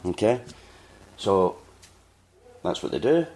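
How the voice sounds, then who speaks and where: A man's voice: on the low side, big pitch swings, slow, dark tone. A Scottish man hosting a podcast, telling a long anecdote in casual chat and acting out the people he quotes. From Scotland. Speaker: podcast host.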